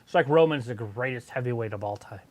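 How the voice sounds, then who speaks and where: A man co-hosting a casual live stream, giving opinions in a lively way. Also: medium pitch, fast. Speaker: co-host of a wrestling watch-along stream.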